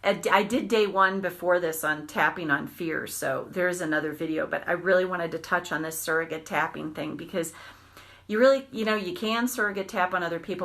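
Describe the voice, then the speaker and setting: Candid, animated woman on a live stream. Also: lowish voice. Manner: candid and animated, with frequent restarts and mild swearing. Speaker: tapping practitioner hosting a live video. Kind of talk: casual live-stream talk.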